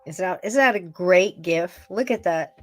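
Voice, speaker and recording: A woman hosting a paranormal podcast, talking casually and warmly. She rambles from one thought to the next and laughs often. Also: fairly low pitch, a little slow, music in the background. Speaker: podcast host. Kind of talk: casual chat, talking to her pets on camera.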